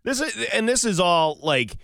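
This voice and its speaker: A man's voice: high voice, big pitch swings, normal speed, a bit bright, no room sound, studio quality. A man in his thirties hosting a casual chat, playful and teasing.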